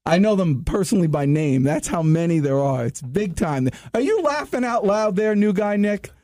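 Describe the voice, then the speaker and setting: Man hosting a sales-tips radio show, high and lively voice, joking and teasing, dry close studio mic. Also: moderate pace, no room sound. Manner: animated, teasing, addresses listeners as ladies and gentlemen. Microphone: studio microphone.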